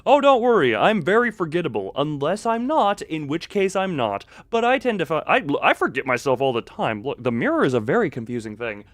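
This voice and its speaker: Lively joking male game streamer. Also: on the high side, fairly quick, few pauses, no room sound. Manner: joking, rambling, lively reactions to chat. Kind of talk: casual live-stream chat.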